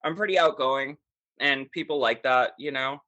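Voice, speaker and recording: A man in his thirties chats as a podcast guest, blunt and full of swearing. His voice is bright and tense, at an ordinary middle pitch. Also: moderate pace, no echo, dull audio. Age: 30s. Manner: candid, profane and animated. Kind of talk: casual interview talk.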